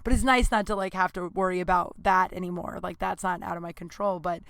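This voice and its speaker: A woman's voice: lowish voice, steady tone, a little fast, vocal fry, a bit bright, no echo, clean studio sound. A woman in her thirties hosting a solo podcast, rambling candidly with lots of fillers, swearing and self-deprecating asides. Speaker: podcast host. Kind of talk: casual solo podcast monologue.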